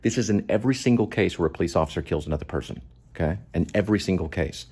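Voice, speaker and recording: Deep-voiced man giving impassioned commentary. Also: racing, darkish tone, slightly rough. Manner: moralizing, emphatic, repeats points. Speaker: show host commenting on a video.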